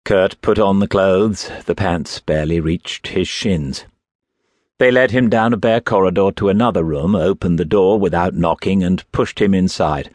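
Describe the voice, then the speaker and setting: A man narrating an audiobook in a measured, steady storytelling manner. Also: low voice, no echo. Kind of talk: scripted narration. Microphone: close studio mic.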